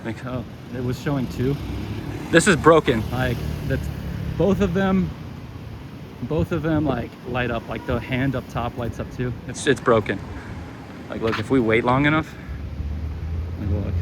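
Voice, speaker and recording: A man's voice: mid-range voice, measured pace, long pauses. A man filming a casual travel vlog as he walks through a city, talking in a chatty, rambling, opinionated way. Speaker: travel vlogger. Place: city streets outdoors. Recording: street noise around the mic. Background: traffic and urban street noise.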